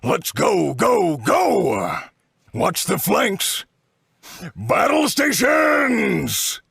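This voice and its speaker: Game casting: gravelly canine army officer, bright and husky. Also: male voice, high-pitched, big pitch swings, drawn-out words, no room sound, clean studio sound, exaggerated voice. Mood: commanding. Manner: barking orders. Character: gruff male military dog commander.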